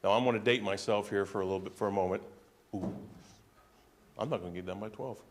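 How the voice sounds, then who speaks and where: A man's voice: on the low side, fast, slight background noise. A male pastor preaching a sermon in a conversational way, with offhand asides and emphatic repetition.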